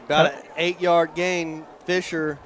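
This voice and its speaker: A man doing folksy play-by-play for a high school football broadcast outdoors, chatty and jumping up on big plays. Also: flat delivery, a little slow. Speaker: play-by-play announcer. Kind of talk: local sports commentary. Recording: outdoor broadcast with clear ambient noise.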